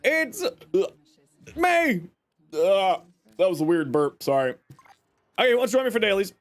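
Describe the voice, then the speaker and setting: A man's voice: high-pitched, expressive, brisk. A man streaming a game live, chatting casually and greeting viewers by name with playful sarcasm. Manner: upbeat, greets chat by name.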